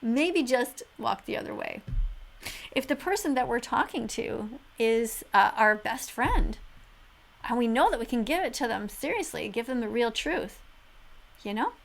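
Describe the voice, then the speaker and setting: A woman commenting to camera as a vegan activist, preachy and emphatic, swinging between flat remarks and loud exclamations. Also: fairly high pitch, a little slow, creaky, rough recording. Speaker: vegan activist video host.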